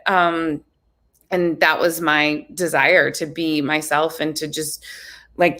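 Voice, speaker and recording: Earnest woman guest, lower voice, thinking out loud about herself. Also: flat delivery, slow pace. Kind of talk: casual chat.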